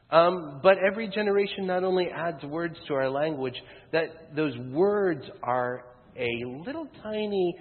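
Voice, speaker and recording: A male pastor gives a casual, joking sermon full of ums and asides. The sound is thin and phone-like, with long reverb from a church sanctuary. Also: medium pitch. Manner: conversational and wry, with frequent ums.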